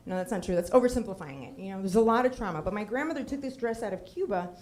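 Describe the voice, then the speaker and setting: A middle-aged woman from Puerto Rico giving a personal storytelling talk with slides. She is humorous, lively and often drifts into tangents and acted quotes. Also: medium pitch, very fast, few pauses. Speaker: storytelling speaker on stage.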